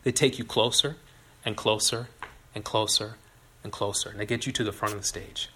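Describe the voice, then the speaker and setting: A man preaching a sermon in a relaxed, conversational way, telling stories and putting questions to his listeners. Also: lowish voice, moderate pace, a little hiss or hum. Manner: conversational, animated storytelling with audience questions. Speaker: pastor.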